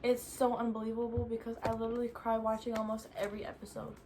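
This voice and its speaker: A woman's voice: a little high, monotone, fast, background noise. A young woman answering viewer questions in casual chat, chatty and full of "like" fillers. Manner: chatty, filler-heavy with frequent "like".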